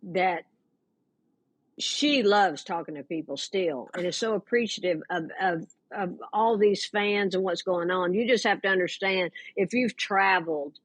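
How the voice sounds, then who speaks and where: A woman's voice: lowish voice, a little slow, husky, no room sound. A woman co-hosting a chat podcast, speaking earnestly and carefully qualifying what she says. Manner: earnest, explains and qualifies her points. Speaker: podcast co-host. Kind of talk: casual chat.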